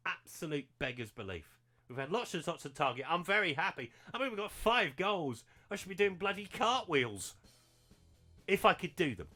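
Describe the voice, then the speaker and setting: A man hosting a gaming channel, giving excitable live commentary on a football management game and bursting into shouts and laughter at big moments. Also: high-pitched, moderate pace.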